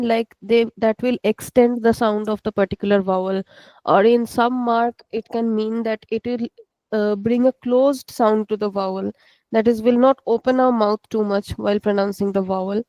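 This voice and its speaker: A patient woman teaching an online language lesson to students, repeating words slowly and explaining each sound. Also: on the high side, dark tone, no room sound, rough recording.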